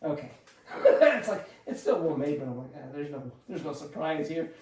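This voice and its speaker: A man's voice: fairly high pitch, very animated, normal speed, a little mellow. A man in his forties, a podcast guest, chatting casually and joking, often slipping into mocking quoted voices. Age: 40s. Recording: roomy echo, far from the mic.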